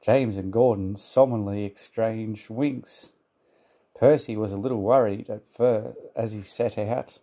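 A man reading a children's storybook aloud in a calm, even manner. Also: on the low side, a little slow.

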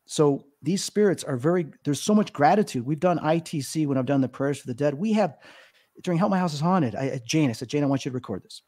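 Earnest man in his fifties, mellow voice. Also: a little high, animated, quick pace. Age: 50s. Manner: earnest, emotional storytelling with many fillers. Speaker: psychic medium guest. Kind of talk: podcast interview, storytelling.

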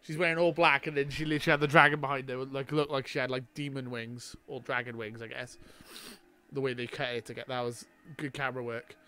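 A man doing live reaction commentary, talking back at the screen and swinging between low mutters and excited shouts. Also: fast, smooth. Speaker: reaction video host.

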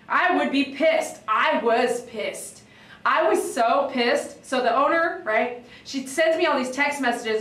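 A woman dog groomer chatting on a livestream, reading viewer comments and telling stories in an animated, excitable way that breaks into shouts. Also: sits high, unhurried, recorded from a distance. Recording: echoey room, voice away from the mic.

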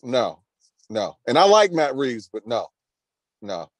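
A man's voice: medium pitch, sing-song, slow, no echo. A man hosting a podcast, teasing his co-host and laughing often in casual chat.

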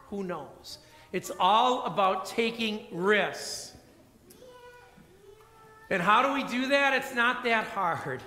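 A man preaching a sermon as pastor, telling a personal story and acting out the dialogue in a quieter voice. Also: high voice, a little hiss or hum. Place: church sanctuary. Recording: echoey church hall reverb.

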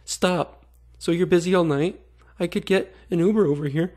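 A man's voice: high voice, moderate pace, darkish tone, pitched above the performer's own voice. A man voicing a needy, pushy adult male creep in a whiny, pleading, mocking way.

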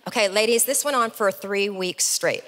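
Lively middle-aged woman giving a keynote. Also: mid-range voice, normal speed, long reverb tail. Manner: lively, animated storyteller with comic asides. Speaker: keynote speaker. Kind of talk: motivational storytelling speech. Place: large event hall, on stage.

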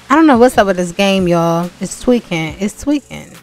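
A young woman chats her way through a gameplay session, speaking straight to her audience in an easy, mid-pitched voice. She slips into exasperated asides when things go wrong. Faint game music plays beneath her. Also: lively intonation, normal speed, few pauses. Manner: chatty, talks straight to viewers, exasperated asides. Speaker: gameplay vlogger. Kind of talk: casual gameplay commentary.

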